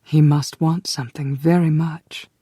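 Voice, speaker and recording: A narrator voicing a kindly woman who keeps a boarding house, who speaks in a soft, low and confiding way. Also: flat delivery, measured pace, slightly rough, no echo, clean studio sound.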